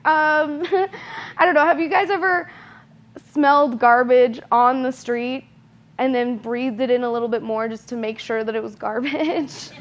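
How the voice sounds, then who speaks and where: A young woman doing a stand-up set on stage, her voice sitting a little high. She delivers self-deprecating lines deadpan, filling gaps with ums and quick laughs. The live recording sounds dull and lo-fi. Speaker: stand-up comedian. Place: comedy stage.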